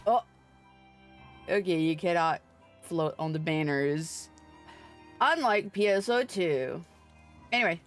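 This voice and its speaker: A woman's voice: lowish voice, expressive, measured pace, pauses often, soft background music. A woman streaming a video game, chatting casually in a playful, giggly way with sing-song greetings and casual swearing. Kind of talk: casual livestream chat over gameplay.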